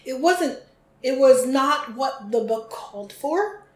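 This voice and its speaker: A woman co-hosting a podcast in relaxed, playful chat. Her voice sits a little high, and she sometimes acts out characters' lines. The room around her is echoey. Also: slow. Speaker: podcast co-host. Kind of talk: casual chat.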